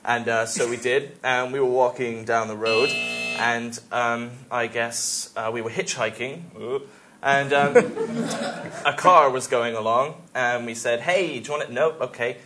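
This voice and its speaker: A man's voice: mid-range voice, a little slow. Man, panellist, rambling, laughing, noisy recording. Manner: rambling, laughing, acts out voices. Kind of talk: improvised comic storytelling.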